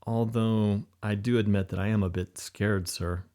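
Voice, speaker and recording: A man's voice: lowish voice, fairly even intonation, moderate pace, dark tone, lightly acted. A man voicing an earnest young spy recruit. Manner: polite, formal, earnest.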